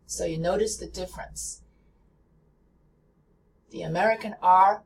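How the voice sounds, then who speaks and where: A woman giving a pronunciation lesson, speaking deliberately and repeating each sound for practice. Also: on the low side, creaky, distant mic, low-quality recording. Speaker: language teacher.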